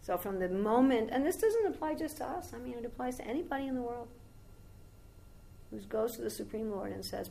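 A woman's voice: a little high, lively intonation, brisk, gravelly, dark tone, a little hiss or hum, low-quality recording. A woman giving a devotional talk as a spiritual teacher, telling a long story in a rambling, conversational way with asides to her listeners.

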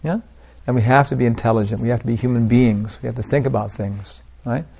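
An older man giving an informal devotional talk, rambling through anecdotes with lots of "you know" and soft laughs. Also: mid-range voice, fairly even intonation, quick pace, creaky, a little hiss or hum. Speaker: preacher.

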